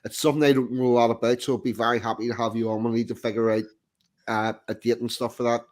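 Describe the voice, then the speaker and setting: A man hosting a casual live stream, easygoing as he wraps things up. His voice is starting to wear after hours on air, sitting at a plain middle pitch. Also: fast. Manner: relaxed, wraps up the show. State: throat going after a long stream. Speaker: stream host. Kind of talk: casual chat.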